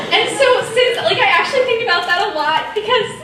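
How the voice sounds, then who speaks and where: A woman's voice: very high voice, lively intonation, unhurried. A teenage girl giving a rambling, emotional farewell speech as a graduating senior, laughing and close to tears. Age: teens. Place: large school hall or auditorium. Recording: echoey distant hall mic with loud crowd and noise.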